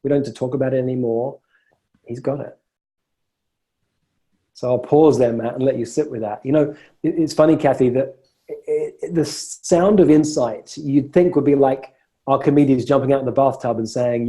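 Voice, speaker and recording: Emphatic male coach with a very bright voice. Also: medium pitch, steady tone, moderate pace. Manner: emphatic, repeats words when starting phrases. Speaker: coach and host. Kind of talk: live coaching call.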